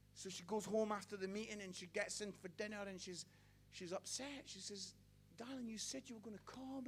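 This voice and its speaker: A middle-aged preacher with a strikingly high voice delivers a sermon through personal stories. He speaks with passion and pushes his voice toward shouting at the peaks. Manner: passionate storytelling, rising to near-shouts.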